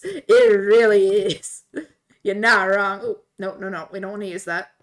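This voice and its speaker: A woman streamer casually retelling a tabletop game story while playing, animated and laughing often. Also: medium pitch. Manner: animated, laughing, voices quoted characters.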